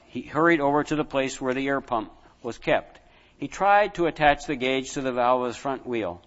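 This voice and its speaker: A man reading a story aloud to children, speaking slowly and deliberately and asking his listeners questions. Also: mid-range voice, a bit bright. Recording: dull lo-fi with long reverb.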